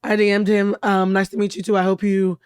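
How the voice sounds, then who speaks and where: A woman hosting a podcast, telling a dating story in casual chat, her voice hoarse from laryngitis. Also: medium pitch, fairly quick, dry recording, studio quality. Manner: chatty and expressive, storytelling. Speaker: podcast host. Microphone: studio mic.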